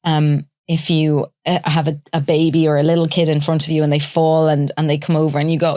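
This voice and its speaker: A woman psychologist talks as a guest on an interview show. She has a low speaking voice and explains in a measured way, building on examples. The recording is close and dry. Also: level tone, no echo. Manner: lifts her voice into a soft, sing-song tone when acting out talking to a child.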